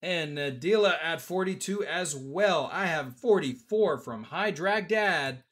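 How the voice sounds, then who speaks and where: A man's voice: fairly high pitch, animated, measured pace, heavy background noise. A man hosting a live-stream auction, joking with bidders and counting down bids. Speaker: auction host.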